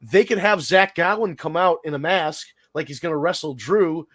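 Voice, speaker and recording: A man hosting a podcast in casual, animated chat, profane and quick with asides. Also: fairly high pitch, no echo. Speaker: podcast host.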